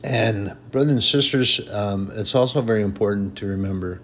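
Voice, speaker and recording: A man preaching a sermon with emphasis, repeating his points for stress and reading scripture in a raised, slow voice. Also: on the low side, a little hiss or hum.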